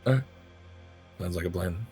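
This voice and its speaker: A man voicing a guilt-ridden but loyal young male adventurer, speaking quietly and earnestly in his own voice. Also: low-pitched, normal speed, faint music behind, natural voice.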